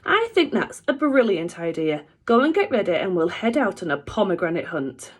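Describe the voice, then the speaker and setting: A woman's voice: medium pitch, sing-song, moderate pace, slightly rough. A woman voicing a kind, upbeat mother in a children's story read aloud. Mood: warm.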